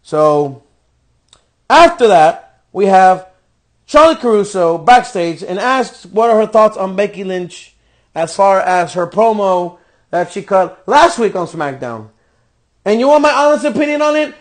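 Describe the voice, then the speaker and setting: A man's voice: sits high, animated, a little slow. A man hosting a podcast, reviewing a wrestling show in a profane, exasperated rant. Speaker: podcast host.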